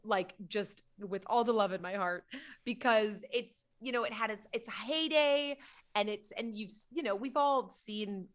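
A woman comedian, a guest on a podcast, telling stories in animated, quick bursts. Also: mid-range voice. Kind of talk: casual podcast chat.

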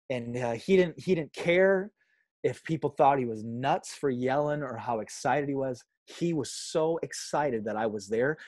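A male pastor telling stories in a casual interview, acting out quotes with lively energy and frequent laughs. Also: medium pitch, dry recording. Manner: animated storyteller, acts out quotes, laughs often. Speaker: pastor and author, podcast guest.

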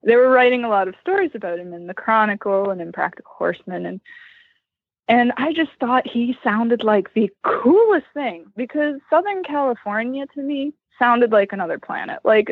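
A woman from Western Pennsylvania tells a story in a chatty, animated way. Her voice is fairly high and a little husky, and the sound is dry. It comes through a narrow, phone-like line. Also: moderate pace, no room sound. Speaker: guest. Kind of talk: casual storytelling interview. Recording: tinny phone line, remote call.

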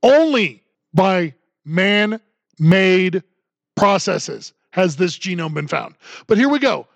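A man's voice: sits high, sing-song, takes it slowly, vocal fry, no echo. A man hosting a solo commentary podcast, talking in a sarcastic, ranting way. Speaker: podcast host.

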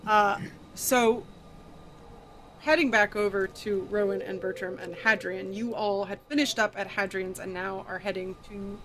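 A woman's voice: mid-range voice, steady tone, unhurried, fairly bright tone, a little hiss or hum. A woman running a tabletop role-play game, narrating in an easy conversational way, and also speaking in character. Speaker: game master.

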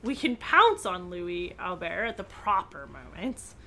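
A woman's voice: fairly low pitch, sing-song, a little slow, pushed and bright, pitched below the performer's own voice, exaggerated voice. A woman voicing a confident teenage girl detective laying out plans. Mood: eager. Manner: confident, planning aloud. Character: bold young woman teen detective.

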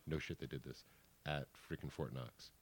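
A man in his forties, a guest artist in a studio, telling animated stories with casual swearing and acted-out quotes. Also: a bass voice, moderate pace, husky. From American. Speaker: guest, poster artist and co-founder. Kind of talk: casual storytelling interview.

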